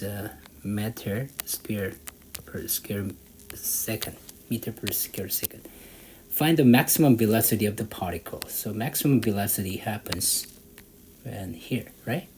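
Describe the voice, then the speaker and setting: Slow, halting man tutoring math. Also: fairly low pitch, a little mellow, poor audio. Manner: halting, many fillers, thinks aloud while using a calculator. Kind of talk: walking through an exam problem. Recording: faint background noise.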